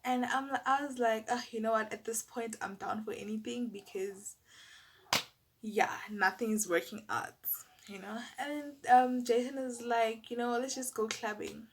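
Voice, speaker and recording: A young South African woman telling a personal story to camera in a casual, animated, exasperated way. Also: a little high, measured pace, background noise. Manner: animated, exasperated, lots of fillers and asides to viewers.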